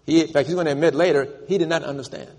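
Male preacher, fairly high voice, emphatic call-and-response delivery, long church reverb. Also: racing, darkish tone. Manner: emphatic, calls for congregation responses. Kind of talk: sermon.

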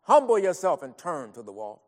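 A high-pitched man preaching with earnest, pleading fervor, dropping soft and then crying out loud. His voice hangs in a long hall reverb. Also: wildly swooping pitch, moderate pace. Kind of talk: sermon.

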